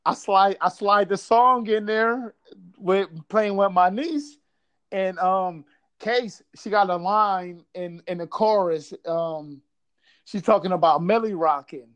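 A man's voice: high-pitched, slow, fairly bright tone, clean tone. A man from Buffalo telling a casual story, swearing freely and acting out quotes. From Buffalo, New York.

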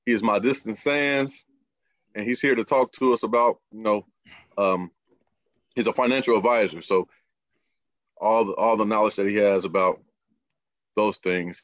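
A man hosts a relaxed beer podcast in a loose, rambling way, often circling back over his words. His voice comes through a muffled, dry recording with no room sound. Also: on the low side, no echo. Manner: laid-back, rambling with repeats. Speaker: podcast host. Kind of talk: casual chat.

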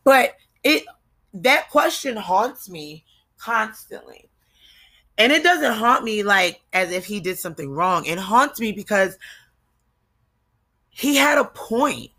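A woman's voice: mid-range voice, sing-song, takes it slowly, pauses often, pushed and bright. A young woman with a New Jersey accent hosting a solo podcast, talking candidly in a confessional way with frequent ums and restarts. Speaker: podcast host. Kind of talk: casual solo podcast monologue.

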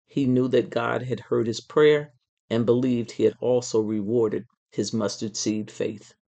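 Expressive children's storybook reader. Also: medium pitch, a little slow, vocal fry, slight background noise. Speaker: storyteller reading a children's book. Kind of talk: read-aloud children's story narration.

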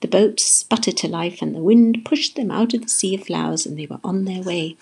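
A woman reading a children's storybook aloud as narrator, expressive, with occasional whispered asides. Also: lowish voice, brisk, gravelly, husky.

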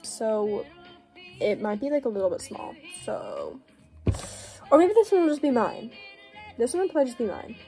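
A woman's voice: fairly high pitch, wildly swooping pitch, normal speed, pauses often, mellow, soft background music. A woman chatting casually to her viewers while making bracelets, rambling with lots of fillers and self-deprecating asides. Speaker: vlogger. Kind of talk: casual vlog chat while crafting.

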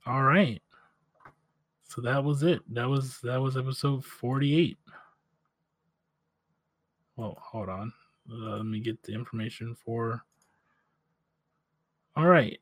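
A man's voice: medium pitch, slow pace, pauses often. A man co-hosting a podcast, recapping a show episode and chatting casually about it. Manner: relaxed, recaps plots then chats. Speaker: podcast co-host.

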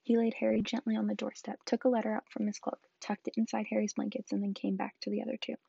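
A woman reading a storybook aloud, soft-spoken and often slipping into a whisper. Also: medium pitch, completely flat delivery, fast talker, vocal fry, breathy edge, no echo, highs cut off. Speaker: book reader.

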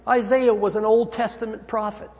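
Guy preaching a sermon, pretty high voice, big swings up and down, echoey church hall. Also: little pitch movement, normal speed, darkish tone. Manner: emphatic, swinging pitch and volume. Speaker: pastor. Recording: long hall reverb.

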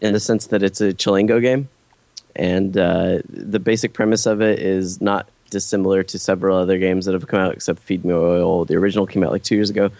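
A man's voice: deep voice, fairly even intonation, fairly quick, a little mellow, no echo. A man on a casual podcast panel, explaining things at length and swearing casually. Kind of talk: casual chat.

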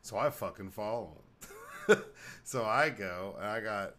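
A man co-hosting a podcast, telling a story in animated, profane casual chat. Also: lowish voice, unhurried, a little hiss or hum. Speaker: podcast co-host.

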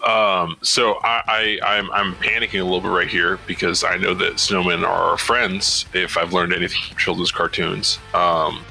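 A man in a casual tabletop session, talking hesitantly with plenty of fillers. His voice is very deep and gravelly, with a sharp, tense brightness, and faint music plays behind him. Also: flat delivery, normal speed, hardly any pauses, low-quality recording. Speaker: player. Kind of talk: casual tabletop game chat.

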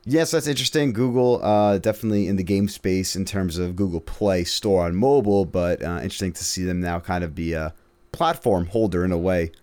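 Man, lowish voice, casual podcast co-host reading game headlines. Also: brisk, darkish tone. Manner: reads headlines, loose and profane. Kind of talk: casual gaming news chat.

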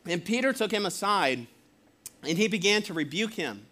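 A man's voice: sits high, animated, normal speed, pushed and bright. A man preaching a sermon as pastor in a conversational way, chuckling often and acting out quotes.

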